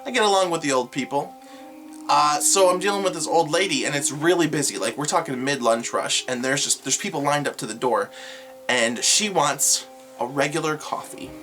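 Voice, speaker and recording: Bright-voiced young vlogger ranting. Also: mid-range voice, moderate pace, faint music behind. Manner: animated, exasperated, sarcastic. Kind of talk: storytelling rant to camera.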